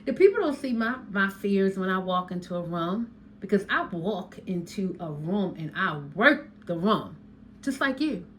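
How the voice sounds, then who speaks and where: Animated woman hypnotherapist, coaching listeners. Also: mid-range voice, a little hiss or hum. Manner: animated, preachy, talks straight to the listener as "honey" and "y'all"; drops into slow soft voice for hypnosis lines. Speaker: hypnotherapist and podcast host. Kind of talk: motivational talk to listeners.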